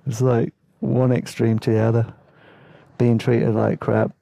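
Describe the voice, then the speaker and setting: A man's voice: mid-range voice, little pitch movement, measured pace, creaky, warm tone, no room sound. A man telling rambling travel stories in a laid-back, casual way, laughing now and then. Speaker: podcast host and storyteller. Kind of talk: casual spoken travel memoir.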